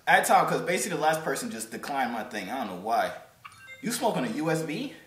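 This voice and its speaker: A man's voice: mid-range voice, sing-song, quick pace, fairly bright tone. A young man in his twenties, a YouTuber chatting and joking playfully with strangers on a video call. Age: 20s. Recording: roomy echoey sound.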